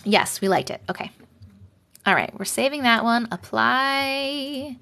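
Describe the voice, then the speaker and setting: A woman's voice: on the high side, a little slow, pushed and bright. Chatty Long Island woman, swears freely. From Long Island, New York. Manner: chatty and blunt, swears freely, riled up when annoyed. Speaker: host reading viewer stories on a live stream. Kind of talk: casual live-stream chat and story reading. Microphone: phone mic, held close or clipped to her shirt.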